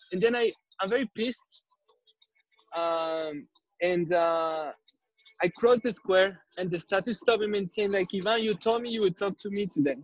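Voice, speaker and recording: A male artist, interviewed over a video call, telling a story in a relaxed, rambling way with many restarts. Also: on the high side, dry recording. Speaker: artist guest. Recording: dull lo-fi video call audio.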